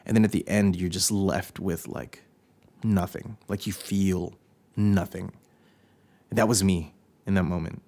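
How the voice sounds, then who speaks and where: A man's voice: low-pitched, steady tone, measured pace, long pauses, warm tone. A young man hosting a podcast, telling a personal story in a candid, confessional way, swearing often and breaking off his own sentences. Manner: candid, profane, confessional, with self-interruptions. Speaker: podcast host.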